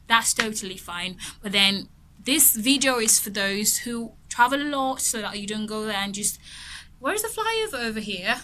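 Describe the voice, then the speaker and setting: A woman's voice: mid-range voice, normal speed, bright, forceful tone, slight background noise, rough recording. A woman teaching English vocabulary in a chatty, casual way, often laughing and correcting herself as she goes. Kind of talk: casual explanatory lesson.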